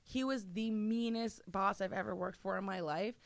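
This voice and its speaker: A woman's voice: medium pitch, fairly even intonation, moderate pace, creaky, dry recording. A woman chatting casually as a podcast guest, laughing often and swearing freely. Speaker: interview guest.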